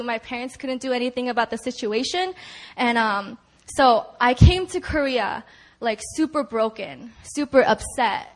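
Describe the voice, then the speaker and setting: Young woman, high voice, church testimony, chatty, lots of "like" and "you know", laughs often. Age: young adult. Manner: laughs often while telling. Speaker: church member giving testimony. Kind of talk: personal testimony. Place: church prayer meeting.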